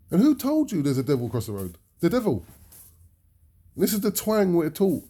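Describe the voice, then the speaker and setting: A man's voice: mid-range voice, big pitch swings, fairly quick, pauses often, mellow. A British man talking as a preacher, making emphatic points to his listeners and often ending them with a questioning "yeah?". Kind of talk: impassioned talk to an audience.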